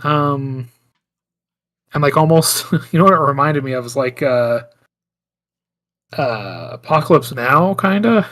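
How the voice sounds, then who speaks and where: On the high side and expressive, this man's voice is unhurried with a fairly bright tone, and he pauses often. As a podcast co-host he gives a rambling, casual film recap thick with "like" fillers, other filler words and restarts.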